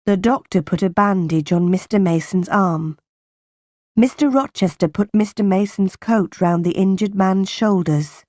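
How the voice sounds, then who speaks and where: Slow, deliberate woman audiobook reader. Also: medium pitch, a little mellow, no echo, clean studio sound. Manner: slow, plain and deliberate reading. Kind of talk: simplified audiobook narration.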